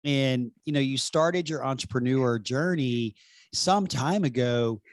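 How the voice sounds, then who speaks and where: A man's voice: mid-range voice, a little slow, no echo, studio quality. A man with a Southern accent hosting an interview, upbeat and friendly as he asks questions. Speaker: podcast host. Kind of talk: interview conversation.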